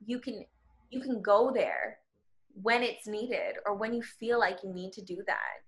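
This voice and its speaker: A woman's voice: mid-range voice, a little slow. A woman guest on a podcast, speaking candidly and from the heart about her personal experience. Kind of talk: personal storytelling in conversation.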